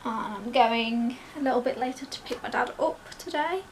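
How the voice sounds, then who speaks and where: A young woman, telling a story in an excited, breathless rush and acting out what everyone said. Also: on the high side, moderate pace, slight background noise. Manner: breathless, gushing, acts out quoted voices. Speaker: vlogger.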